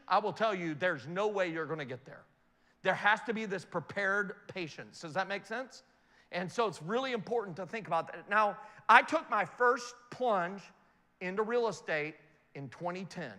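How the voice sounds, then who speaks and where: A middle-aged man giving a motivational talk to an audience, an animated storyteller who keeps asking whether his points make sense. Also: high voice, moderate pace, long reverb tail. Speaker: investment speaker.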